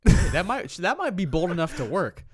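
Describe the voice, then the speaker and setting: A young man co-hosting a podcast in casual chat, teasing his friend with deadpan jokes and frequent laughs. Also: high-pitched, a little fast, breathy edge. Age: young adult. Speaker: podcast co-host.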